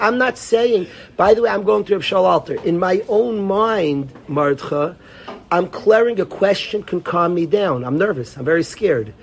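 In a high-sitting voice, a man leads an informal Torah class, speaking conversationally, repeating phrases, and calling on students by name.

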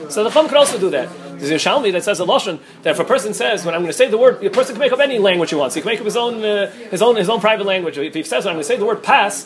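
Rapid-fire high-voiced rabbi teaching Talmud. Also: male voice. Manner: rapid, restarts often, mixes Hebrew-Aramaic terms. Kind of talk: quick Talmud study lecture.

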